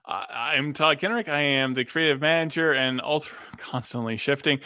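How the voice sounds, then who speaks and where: A man's voice: mid-range voice, moderate pace, sharp tone, no echo. A man chatting playfully on a tabletop game stream. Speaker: game player. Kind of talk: casual chat.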